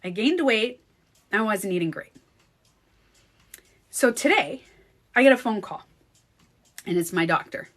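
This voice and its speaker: A woman's voice: mid-range voice, lively intonation, measured pace, long pauses, fairly bright tone. A woman with a French Canadian accent, a native French speaker, telling a story in a casual vlog. She chats with her viewers and laughs often. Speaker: beauty coach vlogger.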